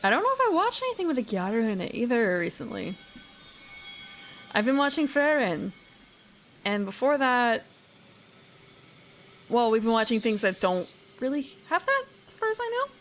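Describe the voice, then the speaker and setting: Here a female streamer chats as she games, wandering off on tangents and fixing her own words as she goes. Her pitch is on the high side and very animated, her pace moderate with long pauses, and there's a little background noise.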